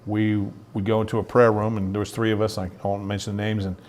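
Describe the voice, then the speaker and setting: A man's voice: fairly low pitch, flat delivery, fast talker, a little mellow. Earnest middle-aged man telling his story. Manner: earnest storyteller who acts out quoted dialogue. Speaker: guest, youth ministry founder. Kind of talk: personal testimony in an interview.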